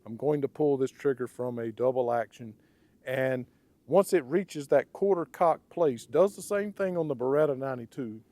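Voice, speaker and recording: A man with a raspy, slightly hoarse voice walks through a hands-on product review. He talks in a casual, conversational way and often checks in with the listener. His voice sits at an ordinary middle pitch. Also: normal speed, dark tone, no room sound. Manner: conversational, ends points with "okay?" and "right?". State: hoarse from blocked sinuses. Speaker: firearms reviewer.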